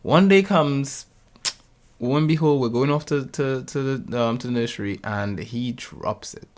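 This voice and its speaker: A man in his thirties casually telling a lively story about his kids, acting out their lines and laughing often. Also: medium pitch, a little slow. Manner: animated, acts out family quotes, laughs often. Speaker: podcast co-host.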